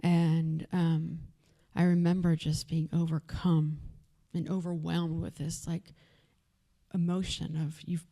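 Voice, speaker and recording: Woman with a Texas accent, low and mellow voice, candid personal talk at an event, loose with fillers. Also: little pitch movement, slow pace. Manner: candid, conversational, frequent fillers. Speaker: event speaker. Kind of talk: personal story told to an audience. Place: event venue.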